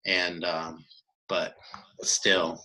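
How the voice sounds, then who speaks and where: A man tells a hunting tale on a podcast, his voice bright and forceful and a bit low. He talks in an animated way, restarting sentences often. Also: extremely slow, low-quality recording. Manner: animated, acts out quoted dialogue, many restarts. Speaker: podcast co-host telling a hunt story. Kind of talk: casual storytelling chat.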